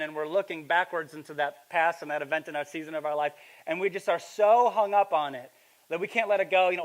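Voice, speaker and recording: A young man preaching a sermon, telling a story in a casual, animated way and building to loud, emphatic preaching. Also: high voice, fast talker. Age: young adult. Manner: casual, with fillers and slang. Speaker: pastor.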